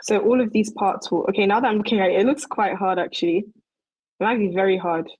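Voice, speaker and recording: Young woman walking through 3d modeling, kinda breathy, dry close mic, chatty w lots of ums. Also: medium pitch, fast talker, no echo, low-quality recording. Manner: relaxed, thinks aloud while working, loose fillers. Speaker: 3D modeling presenter. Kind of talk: casual screen-recorded tutorial.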